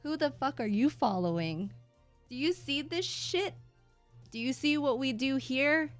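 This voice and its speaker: A woman's voice: high-pitched, lively intonation, unhurried, faint music behind. A woman doing a mocking impression of a brash, swearing male trading guru who lectures viewers. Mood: scolding. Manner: loud, swearing, bossy. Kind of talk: mock impression on a livestream.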